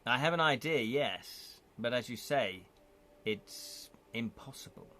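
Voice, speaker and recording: A guarded, weary businesswoman, cool and measured, spoken low and quietly by a man reading the lines aloud. She keeps her words short and even, as if holding something back.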